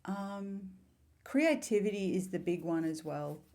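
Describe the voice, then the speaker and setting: Woman, middle-aged, mellow dark tone, casual vlog, heartfelt, rambling storytelling. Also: mid-range voice, expressive, a little slow. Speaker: spiritual vlogger. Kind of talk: casual talk to camera.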